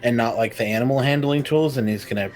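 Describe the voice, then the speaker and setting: A male player at a tabletop game, narrating his character's actions in a steady, mid-pitched voice. Faint music plays behind him. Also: fast.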